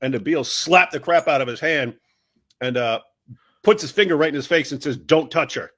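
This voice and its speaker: A man's voice: fairly high pitch, lively intonation, normal speed, fairly bright tone. A man co-hosting a casual livestream, telling anecdotes with teasing humor and mocking quoted voices. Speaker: co-host. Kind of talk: casual chat, storytelling.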